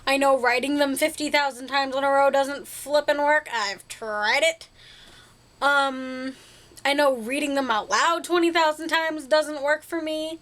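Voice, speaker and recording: A woman's voice: sits high, fairly even intonation, measured pace, fairly bright tone. A young woman vlogging to camera in a casual, rambling way, chatty and silly, joking at her own expense and making up playful words.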